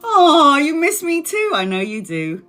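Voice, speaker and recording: A woman's voice: high voice, wildly swooping pitch, measured pace, a bit bright, soft background music. A woman in her forties chatting casually on a live stream, self-mocking, swearing and laughing often. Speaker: tarot reader live-streaming.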